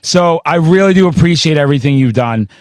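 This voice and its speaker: A man hosting a metal podcast, telling stories in a profane, excitable way and breaking into shouts. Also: fairly high pitch, brisk, no room sound. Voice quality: profane, excitable storyteller, swears constantly. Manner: bursts into shouting mid-story. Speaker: podcast host. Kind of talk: casual interview chat.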